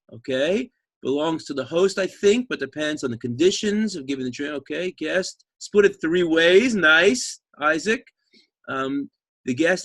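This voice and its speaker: A man teaching an online class, telling a story in an animated, chatty way and reading out viewer comments. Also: fairly high pitch, husky, no room sound.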